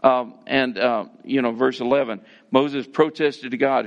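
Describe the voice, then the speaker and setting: A man's voice: mid-range voice, fairly even intonation, measured pace, hardly any pauses. A man preaching a sermon in a conversational, folksy way. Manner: conversational, with fillers and folksy phrases. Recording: slightly dull, muffled sound.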